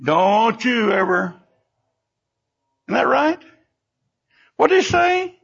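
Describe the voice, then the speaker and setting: An older man preaching a sermon with fervent emphasis, his voice leaping up and sinking low between phrases. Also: sing-song, takes it slowly, gravelly, fairly bright tone, slightly rough. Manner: fervent preaching, sudden rises and drops in pitch and volume. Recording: dull lo-fi recording.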